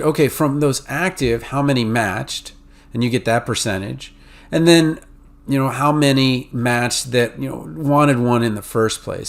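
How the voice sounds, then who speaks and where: A male podcast host with vocal fry in his mid-range voice advises pharmacy students. His accent blends New England and Mid-Atlantic, and his explanations are loose and conversational, peppered with fillers and false starts.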